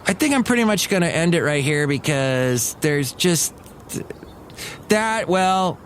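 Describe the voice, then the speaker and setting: A man's voice: a little high, expressive, unhurried, a little hiss or hum. A man hosting a solo comedy podcast, talking in a rambling, chatty way that wanders off topic. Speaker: podcast host and radio worker.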